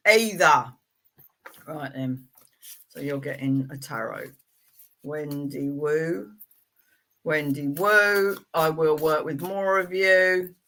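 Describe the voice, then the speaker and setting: Bright-voiced chatty tarot reader. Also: female voice, sits low, slow, pauses often. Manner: chatty and playful, rambling asides. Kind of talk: casual live-stream reading.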